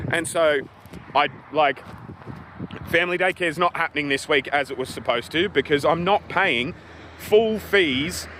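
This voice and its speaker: A man's voice: a little high, fairly bright tone, slight background noise. An Australian man venting in a rambling, agitated vlog rant, swearing often and piling up "like"s. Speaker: vlogger.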